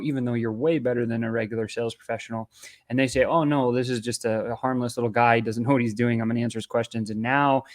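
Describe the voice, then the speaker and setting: A man in the role of a sales coach, teaching in an easy conversational manner. His voice sits at a middling pitch, and he keeps checking in with a quick "right?" as he explains. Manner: conversational, often tags lines with "right?". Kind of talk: instructional talk to camera.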